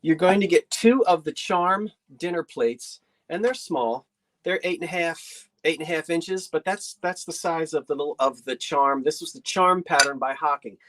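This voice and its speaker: A woman's voice: low-pitched, normal speed, a little hiss or hum. A woman hosting a live online antiques sale from her home, chatty and folksy, often trailing off and restarting as she describes each piece. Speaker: online antiques auction host. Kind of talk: live sale stream presenting. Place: decorated home living room.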